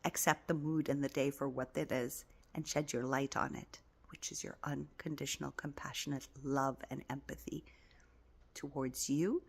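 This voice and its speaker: A woman giving a casual motivational talk as a spiritual coach, soft and affectionate, repeating encouraging phrases and often dropping to a whisper. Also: extremely low pitch, steady tone, normal speed, gravelly, slightly rough. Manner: repetitive, encouraging.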